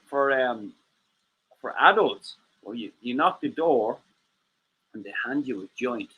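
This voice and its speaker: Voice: medium pitch, fairly bright tone, slightly rough, poor audio. A livestream host chatting casually, rambling and joking at their own expense. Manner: rambling, jokey, self-mocking.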